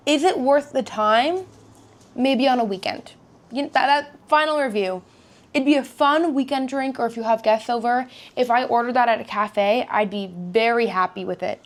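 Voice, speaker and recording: A young woman chatting casually in a vlog, rambling and giggly, with lots of fillers. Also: on the high side. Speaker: vlogger.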